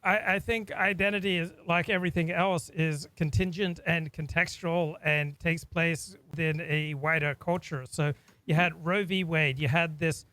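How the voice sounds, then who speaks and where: A man's voice: fairly high pitch, fairly even intonation, normal speed, bright, forceful tone, no room sound, low-quality recording. A man from Australia hosting a talk, speaking in an earnest, reflective way and often repeating words as he thinks. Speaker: host. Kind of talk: casual discussion.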